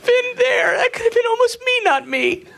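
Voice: extremely high pitch, very animated, moderate pace, vocal fry, heavy background noise. A stand-up comedian rambling through a bit and laughing along the way. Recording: live club recording, loud audience.

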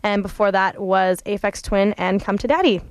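Relaxed woman co-hosting college radio. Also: medium pitch, normal speed, no room sound. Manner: chatty, relaxed, often laughing. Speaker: co-host of a campus radio music show. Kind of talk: casual radio chat.

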